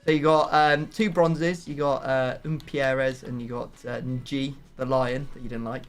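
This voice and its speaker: A man's voice: medium pitch, flat delivery, moderate pace. A man hosting a gaming channel, chatting casually through a football video game and swearing at it.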